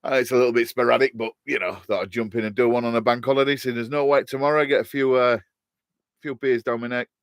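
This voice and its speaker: A man's voice: mid-range voice, fairly even intonation, fast, clear, resonant tone, dry recording. A man, a bit tipsy, chatting casually on a live stream from his shed and greeting viewers by name. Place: garden shed.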